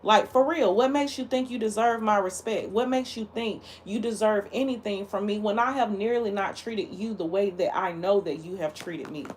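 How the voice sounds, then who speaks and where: A woman's voice: mid-range voice, moderate pace, hardly any pauses, a little hiss or hum. A woman hosting a livestream, talking casually in a blunt, heated and emphatic way. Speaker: livestream host.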